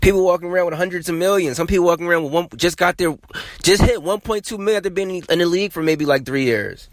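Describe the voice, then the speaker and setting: A man hosting a sports podcast, talking in a casual, animated and emphatic way, often repeating himself. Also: high voice, quick pace, no room sound. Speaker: podcast host.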